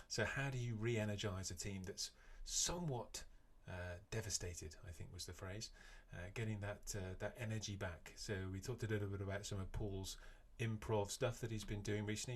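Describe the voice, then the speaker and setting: A middle-aged man hosting a podcast, talking casually with frequent fillers. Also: lowish voice. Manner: relaxed, chatty, with frequent fillers. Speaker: podcast co-host.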